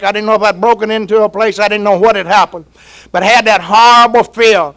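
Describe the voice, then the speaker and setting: An older man from Georgia speaks at an AA meeting, telling his story in a folksy, chuckling drawl. His voice sits high and sounds bright and forceful. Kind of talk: recovery talk to a crowd.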